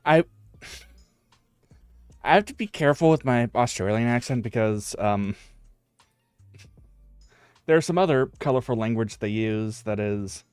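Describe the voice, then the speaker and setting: A man with a US West Coast accent chats loosely on stream, his pitch sitting in an ordinary middle range. He rambles and restarts, filling gaps with ums. The sound is dry, with faint music behind him. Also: lively intonation, a little slow, long pauses, darkish tone, clear, resonant tone, no room sound. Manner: rambling, many fillers and restarts. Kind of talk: casual chat.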